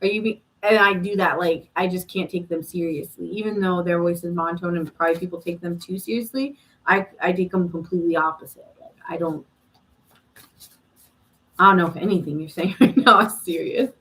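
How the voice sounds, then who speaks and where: A woman's voice: lowish voice, steady tone, fairly quick, fairly bright tone, low-quality recording. A woman hosting a live tarot reading stream, chatting casually and answering viewer comments with frequent laughs.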